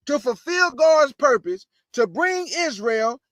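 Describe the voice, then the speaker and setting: A man's voice: high-pitched, lively intonation, normal speed, fairly bright tone, no echo, studio quality. A man preaching to an online audience in a fired-up, emphatic way, repeating his points, firing off rhetorical questions and calling his listeners family. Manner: casual slangy delivery with rhetorical questions. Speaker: online show host and preacher.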